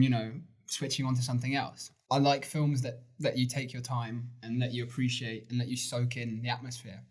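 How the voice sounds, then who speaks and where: A man co-hosting a podcast, giving opinionated views in casual chat, with fillers. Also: mid-range voice. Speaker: podcast co-host. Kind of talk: casual film review chat.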